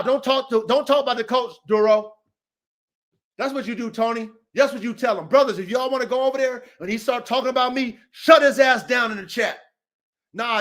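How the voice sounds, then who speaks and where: A man's voice: high voice, fairly bright tone. A man hosting a podcast, ranting in a profane, confrontational way, repeating himself and calling people out by name. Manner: profane, confrontational, repetitive, calls out names. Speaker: podcast host. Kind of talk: heated casual rant.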